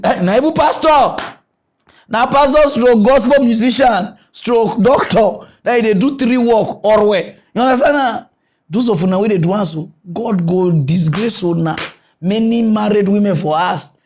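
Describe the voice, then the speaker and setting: High-voiced Nigerian man, mocking commentary. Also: creaky. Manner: animated, mocking, switches pitch a lot. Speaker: comedy news host. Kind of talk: comic commentary in Nigerian Pidgin.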